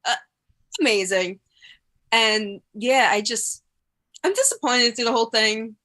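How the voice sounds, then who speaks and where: A woman's voice: on the high side, unhurried, pushed and bright. A woman gushing in casual chat on a wrestling podcast, with lots of "like" fillers.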